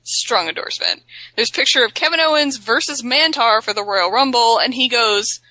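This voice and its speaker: A playful woman with a bright, forward voice sits slightly above the usual pitch for her sex. She reads out posts in a casual, chatty co-host manner. The sound is close and dry. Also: brisk, no echo, low-quality recording. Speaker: co-host reading social media posts. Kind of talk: casual podcast chat.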